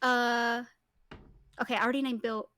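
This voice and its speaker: A woman answering quick-fire quiz questions in casual chat, hesitant and giggly, with lots of ums. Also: fairly high pitch, little pitch movement, sharp tone, clear, resonant tone, dry recording. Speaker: guest streamer with a virtual avatar. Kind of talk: casual game-show chat.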